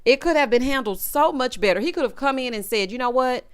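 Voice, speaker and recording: Sassy, animated woman recapping TV. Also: high voice, fast talker, smooth. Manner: sassy, animated, acts out quotes from the show. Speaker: reality TV recap host. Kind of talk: casual recap commentary.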